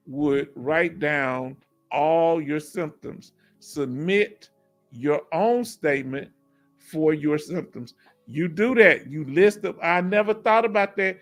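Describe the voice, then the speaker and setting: A man from Houston with a Texas accent, hosting a casual livestream Q&A through a headset, animated and laughing often with folksy slang. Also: a little high, unhurried, faint music behind. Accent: Southern US, Texas. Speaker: livestream host reading chat.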